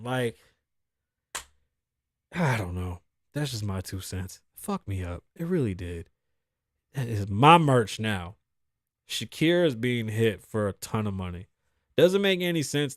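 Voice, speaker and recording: A man's voice: a little high, dry recording, studio quality. A man hosting his own podcast, telling stories in a loose, profane, rambling monologue. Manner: profane, rambling, animated storytelling. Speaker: podcast host. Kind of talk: casual monologue.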